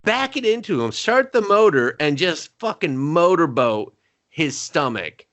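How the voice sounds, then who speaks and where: A man co-hosting a casual movie review podcast, swearing often and acting out scenes in quick put-on voices. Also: fairly high pitch, big pitch swings, a bit bright. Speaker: podcast co-host. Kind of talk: casual film review chat.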